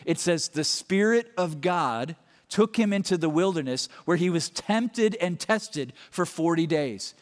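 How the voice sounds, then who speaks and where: Man preaching in a reverberant hall. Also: high-pitched. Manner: conversational, self-interrupting, rising emphasis. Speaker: pastor. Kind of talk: sermon.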